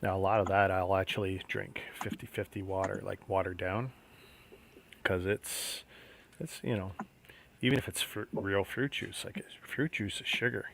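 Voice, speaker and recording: A man's voice: deep voice, steady tone, normal speed, vocal fry, a bit bright. A man hosting a casual livestream, chatting and musing aloud as he builds a model kit. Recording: faint background noise.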